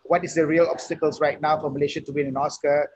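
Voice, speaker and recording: Husky higher-voiced male talk host. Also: level tone, quick pace, muffled recording. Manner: conversational, reads out viewer comments. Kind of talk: casual live online talk.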